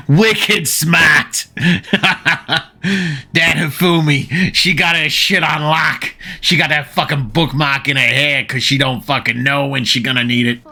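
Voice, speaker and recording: Guy doing a loud boston dude, crude and sweary, pitched up, punchy. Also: fairly even intonation, slow pace, exaggerated voice. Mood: rowdy. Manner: crude, profane, gushing. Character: crude loudmouth Boston guy, wicked excited.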